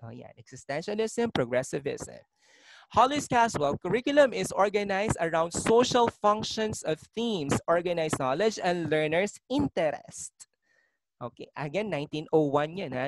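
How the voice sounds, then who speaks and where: Filipino man lecturing, slightly high voice. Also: creaky, a little hiss or hum, low-quality recording. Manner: explanatory, frequent "okay?" checks with students. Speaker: college teacher. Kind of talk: lecturing to a class.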